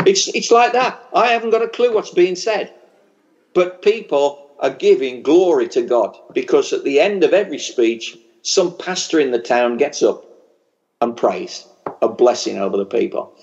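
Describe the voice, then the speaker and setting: Fervent English preacher with a regional accent. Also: male voice, on the high side, expressive, moderate pace, highs cut off. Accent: English regional, working-class. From England. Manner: fervent, storytelling, builds to a blessing. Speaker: pastor. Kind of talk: sermon. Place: large church conference hall.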